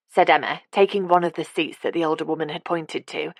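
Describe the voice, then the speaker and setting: A woman narrating an audiobook in a steady, even manner. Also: sits low, a little fast, creaky, hardly any pauses, no echo. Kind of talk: scripted narration.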